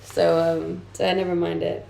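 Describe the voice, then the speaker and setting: A woman's voice: on the low side, little pitch movement, moderate pace, vocal fry, mellow, a little hiss or hum. A young adult woman streaming live, chatting casually and reading comments aloud with easy laughs. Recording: roomy sound with faint music behind.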